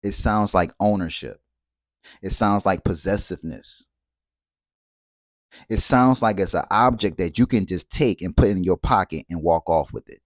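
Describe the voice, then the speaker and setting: Low-voiced man musing aloud. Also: animated, normal speed, no room sound, clean studio sound. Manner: conversational, asks rhetorical questions and checks in with "right?"; repeats phrases for emphasis. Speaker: speaker on relationships and spirituality. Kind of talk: reflective spoken monologue.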